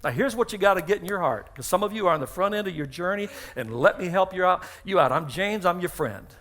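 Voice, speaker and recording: A middle-aged male pastor preaches a sermon in his church sanctuary through a stage microphone. His voice sits high for a man, with a bright, ringing edge. He acts out the dialogue in his stories and hammers home key phrases by repeating them. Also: expressive, quick pace. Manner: storytelling with acted-out dialogue.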